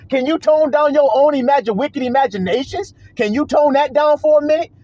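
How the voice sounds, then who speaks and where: A man's voice: extremely high pitch, fairly quick, few pauses, mellow. A man preaching a confrontational, profane monologue, hammering his listeners with rhetorical questions. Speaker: self-styled preacher. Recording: dull lo-fi sound.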